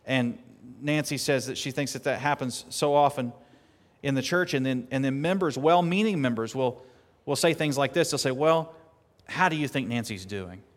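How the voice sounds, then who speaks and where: A man preaching a sermon earnestly, at times building to emphatic, louder peaks. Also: medium pitch, normal speed. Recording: long hall reverb.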